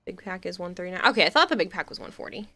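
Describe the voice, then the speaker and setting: A woman chats casually on a live game stream and answers her chat as she goes. Her voice is bright and lively in tone. She rambles and laughs often. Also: lowish voice, racing.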